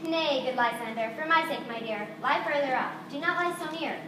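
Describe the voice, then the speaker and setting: A woman's voice: high voice, brisk, noisy background, natural voice. A woman acting on stage as a modest young woman in love, speaking earnest declaimed verse. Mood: tender. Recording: distant echoey stage recording with ambience.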